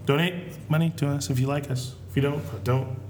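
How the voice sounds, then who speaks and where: A man co-hosting a podcast in a casual chat, with dry, deadpan humor. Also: on the high side, normal speed, echoey room, a little hiss or hum. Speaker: podcast co-host.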